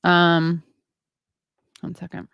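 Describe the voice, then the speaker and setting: Low, gravelly woman chatting on a stream. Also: completely flat delivery, fairly bright tone, no room sound, clean studio sound. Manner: rambling, halting, many fillers; self-deprecating, chatty. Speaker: show host. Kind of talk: casual livestream chat reading viewer comments.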